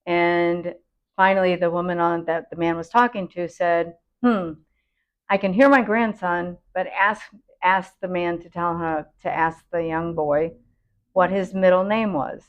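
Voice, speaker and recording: Woman host, low voice, earnest safety talk, dull lo-fi recording. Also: fairly even intonation, measured pace. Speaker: computer consultant hosting a safety announcement.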